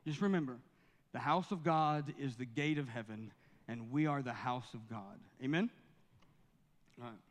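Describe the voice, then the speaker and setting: A man's voice: medium pitch, normal speed, in a large hall. A man preaching a sermon in a church, building to fervent scripture reading. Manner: preaching with rising fervor, reading scripture aloud. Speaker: pastor. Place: church sanctuary.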